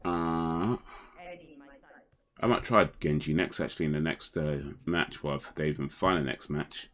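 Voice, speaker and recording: A man's voice: very deep voice, steady tone, a little slow, fairly bright tone, slight background noise. A man streaming a video game, muttering casual reactions to the play as it happens. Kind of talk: casual gaming livestream talk.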